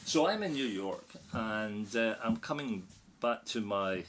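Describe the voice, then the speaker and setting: Appearing as a podcast guest, a middle-aged Scotsman tells an anecdote in a casual storytelling chat, becoming more animated and laughing along the way. His voice is lowish and unhurried. Slight background noise is present.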